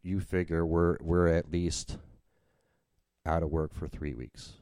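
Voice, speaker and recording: A man's voice: low voice, flat delivery, takes it slowly, mellow. A man hosting a casual podcast chat, rambling with restarts and fillers. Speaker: podcast host and working cover-band musician. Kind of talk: casual conversation.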